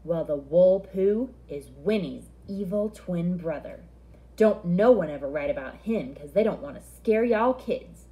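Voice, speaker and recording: A woman voicing a cocky teenage boy who teases in a lower, slow, mocking voice. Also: animated, dark tone, rough recording. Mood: teasing. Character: cocky teenage boy, teasing big brother.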